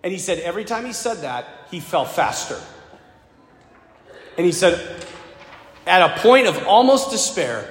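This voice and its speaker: A male priest delivers a homily in a lively, high-pitched voice that swings up and down as he tells his story. He keeps it conversational, with casual asides to the congregation. The sound carries long echoes from a large church hall. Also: unhurried, pauses often. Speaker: Catholic priest.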